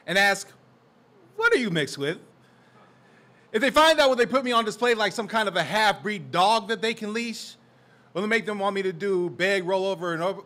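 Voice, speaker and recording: Fiery male spoken word poet. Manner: confrontational, profane, swings from low asides to loud shouted lines. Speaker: open mic poet. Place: live open mic venue, indoors.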